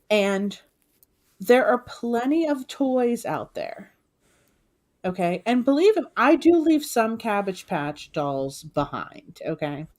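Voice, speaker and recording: A woman's voice: fairly high pitch, darkish tone. A woman co-hosting a live reselling stream, venting at length in a talkative way with many fillers. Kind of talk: casual live-stream chat.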